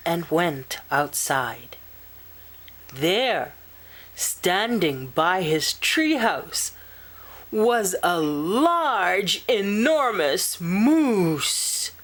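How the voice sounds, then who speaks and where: Slow, expressive woman reading a storybook. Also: on the low side. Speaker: storybook reader. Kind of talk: reading a children's picture book aloud.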